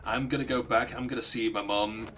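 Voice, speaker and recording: A man voicing a weary, miserable man in a story he retells, low and muttering. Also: fairly even intonation, a little fast, fairly bright tone, natural voice.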